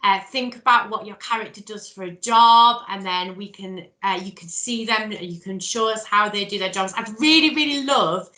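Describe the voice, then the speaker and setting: A woman's voice: medium pitch, normal speed, few pauses, pushed and bright. A woman leading a drama workshop, giving step-by-step encouraging instructions. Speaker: workshop leader. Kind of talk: guiding a drama exercise. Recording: echoey room.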